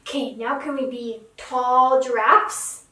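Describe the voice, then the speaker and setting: A young woman teaching a yoga class for children, giving gentle, encouraging cues and playful animal sounds. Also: sits high, fairly even intonation, slow pace. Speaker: yoga instructor. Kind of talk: kids yoga class instruction. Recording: echoey room, mic at a distance.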